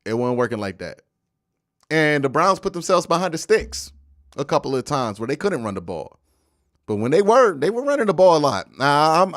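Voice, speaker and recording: A young man talks straight into a close microphone on his live stream, animated and argumentative as he answers his viewers' messages. His voice swings up and down a great deal. The sound is dry, with no room around it. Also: a little high, normal speed, no room sound. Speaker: host of a live football post-game stream. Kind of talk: casual live-stream commentary.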